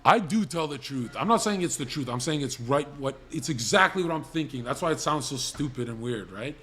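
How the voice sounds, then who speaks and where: A man's voice: medium pitch, lively intonation, brisk, fairly bright tone. A young man hosting a livestream, telling crude comedic stories in a blunt, rambling, profane way. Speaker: livestream host.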